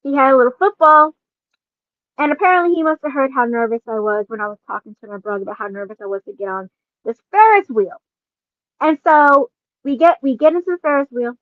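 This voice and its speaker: A woman in her forties, a podcast host, casually telling a personal story with lots of laughing and animated asides. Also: high voice, a little fast, no room sound, phone-quality sound.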